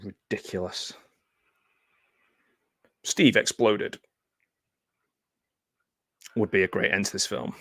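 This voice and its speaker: Male host, lowish voice, dead-dry close mic, chatty sardonic movie commentary. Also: steady tone, slow pace, pauses often, fairly bright tone, slightly rough, dry recording. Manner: chatty, sardonic asides with frequent filler ums. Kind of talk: casual live movie commentary. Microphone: close mic in front of a green screen.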